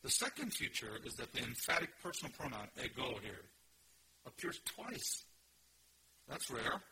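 A man's voice: big pitch swings, normal speed. Emphatic preacher man, noisy recording. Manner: emphatic, with sudden rises in pitch and volume. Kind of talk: expository sermon.

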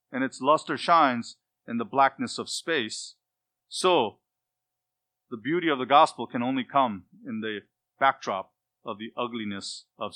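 A man preaching an expository sermon, stressing key words by repeating them and dropping to quiet asides. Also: medium pitch, dry recording. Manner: emphatic, repeats key words, swings between loud stress and hushed asides. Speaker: pastor.

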